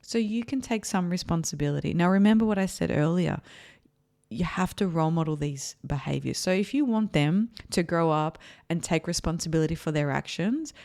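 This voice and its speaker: A woman's voice: fairly low pitch, fairly quick, a little mellow. A woman therapist hosting an advice podcast, speaking earnestly and repeating her key points for emphasis.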